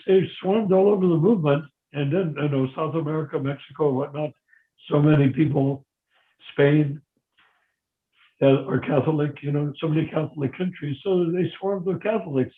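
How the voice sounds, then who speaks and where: A man's voice: on the high side, roomy sound. Older man teaching over a tinny phone line. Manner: animated, acts out dialogue with sudden loud outbursts. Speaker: spiritual teacher leading a devotee meeting. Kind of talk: casual teaching talk over a phone meeting.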